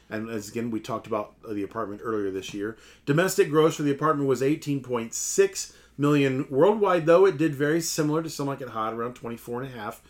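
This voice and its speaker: A man co-hosting a casual film podcast in a mid-range voice. He reads listener comments and rattles off release dates and box office figures in an easy, conversational way. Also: mid-range voice. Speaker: podcast co-host.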